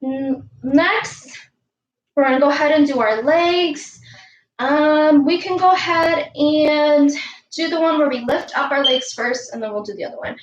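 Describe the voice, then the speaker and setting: A woman coaching young girls through an online warm-up and lesson, counting aloud in an upbeat way and calling herself by name in the third person. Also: high-pitched, a little slow, dull audio, slight background noise. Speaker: youth sports coach. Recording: echoey room.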